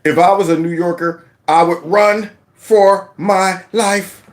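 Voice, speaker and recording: A man talks through his commentary vlog in a fairly high, lively voice. He mocks and scolds with plenty of energy, laughing often. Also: slow. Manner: mocking, animated, laughs often, breaks into sung lines. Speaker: political commentary host.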